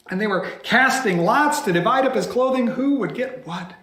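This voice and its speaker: A man, a pastor, telling a scripture story by heart with dramatic delivery, dropping some lines to a hushed whisper. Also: high-pitched, expressive, moderate pace, few pauses. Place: church. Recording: echoey church room.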